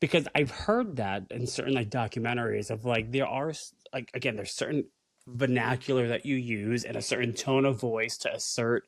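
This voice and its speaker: A man talks through his thoughts on a podcast in a loose, animated way, dropping a casual swear here and there. His voice sits at an ordinary middle pitch. The recording is dry and close, with no room echo. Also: moderate pace. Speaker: podcast co-host.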